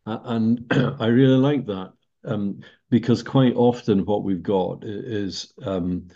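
Speaking slowly in a warm, fairly low voice, the senior business leader responds to the podcast interviewer with care, sometimes hesitating and starting over. The recording is dull and lo-fi.

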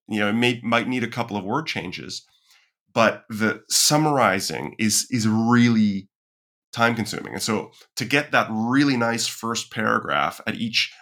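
A man's voice: on the low side, sharp tone. A man as a podcast guest talking casually and animatedly, acting out quoted voices as he explains. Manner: frequent restarts and fillers while thinking aloud. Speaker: podcast guest, content strategist. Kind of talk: casual conversational interview.

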